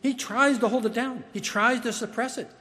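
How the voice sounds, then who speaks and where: A man's voice: very high-pitched, steady tone, moderate pace, pushed and bright. A man preaching a sermon as pastor, earnest and emphatic, often repeating words as he restarts. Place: church sanctuary. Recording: long reverb of a large hall.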